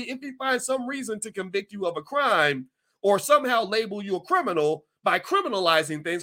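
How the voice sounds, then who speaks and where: Give me a man with a high voice hosting a podcast, emphatic and folksy, talking straight to his listeners. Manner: animated, folksy and emphatic, with repeated restarts. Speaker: podcast host. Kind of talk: casual commentary to listeners.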